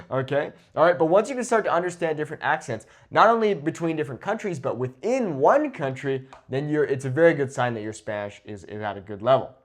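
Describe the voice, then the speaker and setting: Lively male Spanish teacher. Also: on the high side, fast, few pauses. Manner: lively and informal, with many fillers like okay and right. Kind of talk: conversational teaching to camera.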